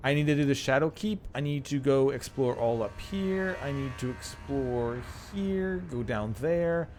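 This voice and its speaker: A man's voice: mid-range voice, expressive, unhurried, darkish tone, slight background noise. Man, game streamer, casual rambling chat, profane rants, laughs often.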